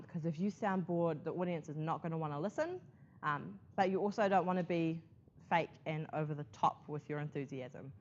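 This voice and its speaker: A woman's voice: lowish voice, slight background noise. A woman teaching a class about presentation skills, chatty, checking in often with "okay?". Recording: muffled classroom recording.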